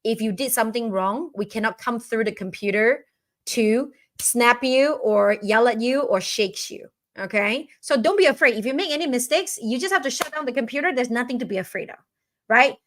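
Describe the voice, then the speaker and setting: A woman's voice: on the high side, moderate pace. A woman hosting a live online coaching session, talking energetically and often checking in with "right?". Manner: energetic, keeps asking "right?". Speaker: host and business owner.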